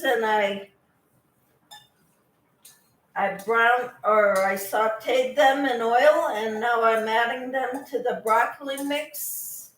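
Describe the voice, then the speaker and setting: A woman's voice: a little high, a bit bright, roomy sound. A woman hosting a casual crochet livestream, chatting with viewers by name while she cooks in her kitchen. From Kansas. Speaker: crochet channel host. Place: home kitchen.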